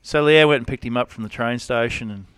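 A man's voice: medium pitch, fast, fairly bright tone, clear, resonant tone, dry recording. A man with an Australian accent, a rodeo cowboy telling stories in a casual interview, rambling with lots of fillers and restarts.

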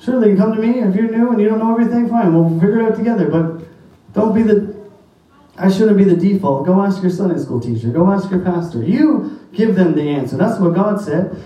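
A man's voice: high voice, expressive, fairly quick, lo-fi sound. A man preaching a sermon as pastor, emphatic, quoting scripture in old-fashioned wording. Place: church sanctuary. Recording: very echoey church hall, mic at a distance.

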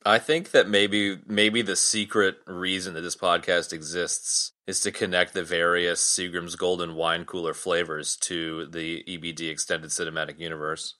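A man's voice: low-pitched, level tone, moderate pace, few pauses, bright, forceful tone. A man co-hosting a podcast, joking and going off on playful tangents in casual movie chat. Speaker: podcast co-host.

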